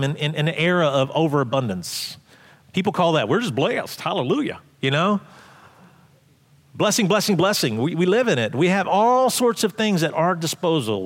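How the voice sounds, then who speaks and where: Man, pastor, sermon, lively, joking, fairly high voice. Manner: lively, joking storyteller with frequent restarts.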